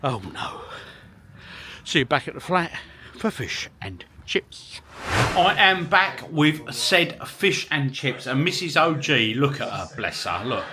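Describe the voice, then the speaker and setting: Cheerful male vlogger, jokey asides to viewers, lively pitch, street and traffic noise behind. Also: a little slow. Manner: chatty and jokey, addresses viewers as people. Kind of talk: casual vlog talk to camera. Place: outdoors on a town street and in a pub.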